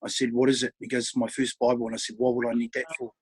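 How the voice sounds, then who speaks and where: A man's voice: mid-range voice, completely flat delivery, fast, slightly rough, low-quality recording. A middle-aged man, a podcast guest earnestly telling his life story and acting out past conversations. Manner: earnest storytelling with quoted dialogue, often dropping quiet.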